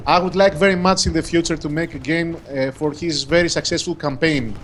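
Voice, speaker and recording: A man with a Greek accent speaks English as a second language, his voice sitting a little high for a man. He talks in a halting, formal way, filling pauses with "uh". A faint hiss of background noise runs under him. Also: fairly even intonation. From Greece. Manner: halting, formal phrasing with many fillers. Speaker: game developer. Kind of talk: casual gaming chat.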